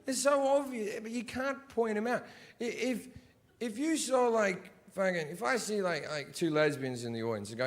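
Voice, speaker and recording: A man performing a stand-up routine, crude and swearing, mimicking the people in his stories and swinging from low mutters to shouts. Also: moderate pace. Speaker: stand-up comedian. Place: comedy stage before an audience.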